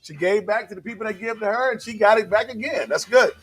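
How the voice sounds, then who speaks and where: A man's voice: sits high, animated, fast talker, over music. A man emceeing a live charity gala, announcing winners in a playful, sing-song, joking way. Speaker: emcee and comedian.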